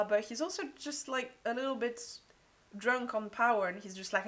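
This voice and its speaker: A woman's voice: on the high side, moderate pace, fairly bright tone. A woman giving a casual book review, gushing and peppering her talk with "like".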